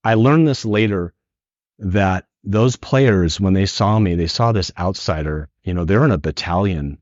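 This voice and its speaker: A middle-aged man from San Francisco, a podcast guest, telling a personal story in an earnest, animated way. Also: low-pitched, a little slow, no room sound. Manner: earnest, animated retelling with acted quotes. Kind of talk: emotional storytelling. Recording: dull lo-fi dry podcast audio.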